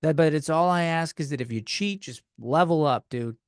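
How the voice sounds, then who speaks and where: A young man tears through a comedic podcast rant, swearing freely and blowing every gripe out of proportion. His voice sits a bit high. The mic is close and dead dry, with no room sound. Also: normal speed, smooth, no room sound. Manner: profane, heated, exaggerated ranting. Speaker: podcast host.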